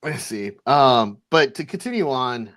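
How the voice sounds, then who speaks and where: A man's voice: medium pitch, very animated, unhurried, fairly bright tone. A man co-hosting a wrestling podcast in casual chat, laid-back and swearing freely. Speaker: podcast co-host.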